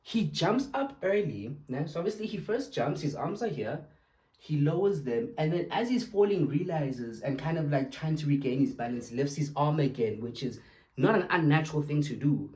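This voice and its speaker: A young man hosts his own podcast and rants angrily about football refereeing, swearing a lot and bursting into sarcasm. His voice sits a little high and is slightly mellow, expressive, at a moderate pace.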